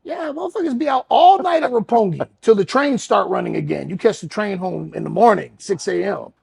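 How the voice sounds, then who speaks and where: A man co-hosting a podcast and spinning a late-night story in a relaxed, cussing street drawl. His voice is heavily gravelly and fried, with a husky, breathy edge. It sits a bit high for a man. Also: fairly quick, no echo, clean studio sound. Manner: loose, profane, laid-back street talk. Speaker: podcast co-host. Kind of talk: casual storytelling chat.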